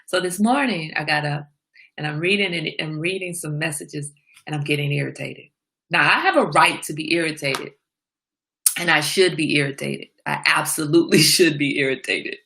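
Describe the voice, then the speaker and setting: A woman hosts a casual livestream chat, her voice bright and forceful while sitting a little low in pitch. She tells candid, confiding stories with animated energy and laughs often as she goes. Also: moderate pace, creaky. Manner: animated storytelling with frequent laughter. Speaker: livestream host.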